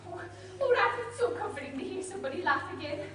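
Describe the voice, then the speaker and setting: A woman playing a timid little mole with a very high, wavering voice that stammers and frets. It is a stage play heard from far off in an echoing hall, with a faint hiss underneath. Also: lively intonation, quick pace. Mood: relieved. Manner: nervous, stammering and breathless. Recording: distant echoey stage recording with faint hiss.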